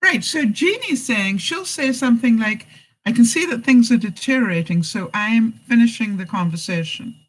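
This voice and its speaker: A middle-aged woman hosting a live stream reads out viewer comments and offers life advice, often laughing, telling stories and performing the lines she quotes. She speaks at normal speed with a high voice and lively intonation, though the audio is poor.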